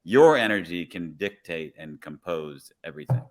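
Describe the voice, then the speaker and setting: A man who is a police officer, a guest on a podcast, telling a story in a relaxed way and acting out the dialogue. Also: sits low, moderate pace. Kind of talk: casual podcast conversation, storytelling.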